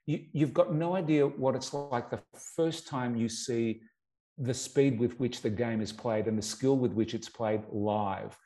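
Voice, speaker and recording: A middle-aged Australian man, a guest in an interview, telling stories in an animated way with many restarts and repeated words. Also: mid-range voice, unhurried. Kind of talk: casual storytelling interview.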